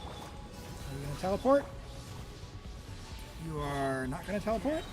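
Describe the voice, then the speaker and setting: A man streaming a game, commenting excitedly, talking to his characters and laughing often. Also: on the high side, a little slow, over music. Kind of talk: live gameplay commentary.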